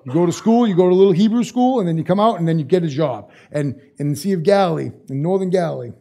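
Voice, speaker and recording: A man's voice: sits high, fast talker, vocal fry, warm tone. A male pastor preaching a sermon in a casual, conversational way, repeating phrases for emphasis.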